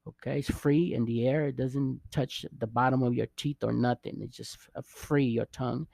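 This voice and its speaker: Gravelly but mellow, this man's mid-range voice holds a steady tone as he patiently teaches Spanish in a relaxed spoken lesson. He takes his time, repeats every sound, and gently encourages the learner. The recording is close and dry, with no room sound.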